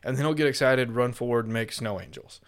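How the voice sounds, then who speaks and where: A man's voice: mid-range voice, fast talker, smooth. A young adult man hosting his own podcast from a home office, talking in a rambling, casual way with plenty of fillers and easy swearing. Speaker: podcast host. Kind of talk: casual solo podcast monologue.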